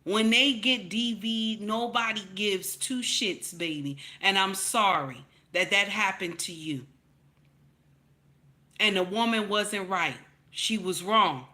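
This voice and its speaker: A woman's voice: medium pitch, slow pace. A woman giving blunt, profane opinion commentary to camera, preaching and repeating her points for emphasis, often calling listeners "baby". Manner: repeats points for emphasis, rising to loud outbursts. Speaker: commentary channel host.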